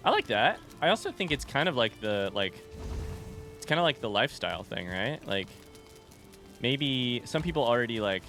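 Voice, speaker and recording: A man streaming a video game, chatting casually with a rambling, relaxed manner full of fillers. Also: mid-range voice, normal speed, soft background music. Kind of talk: casual gameplay chat.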